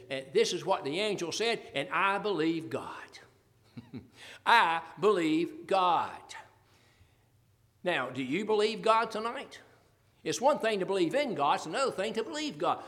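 High-voiced preacher in a reverberant hall. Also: male voice, fairly bright tone. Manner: emphatic, with repeated rhetorical questions and chuckles. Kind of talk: sermon.

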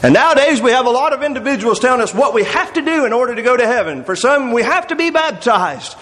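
A man's voice: very high-pitched, sing-song, quick pace, a bit bright, rough recording. A man preaching a sermon, explaining scripture verse by verse and reading passages aloud. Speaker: pastor.

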